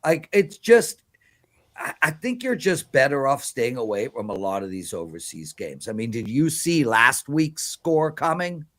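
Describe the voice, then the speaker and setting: A man's voice: mid-range voice, big pitch swings, a little slow, fairly bright tone. A man giving emphatic, preachy sports betting picks on a live show.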